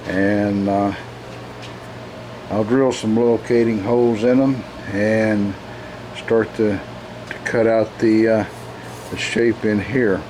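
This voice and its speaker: A man narrating his metalworking project in a home workshop, slow and plain-spoken. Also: on the low side, fairly even intonation, noisy background. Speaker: hobby metalworker.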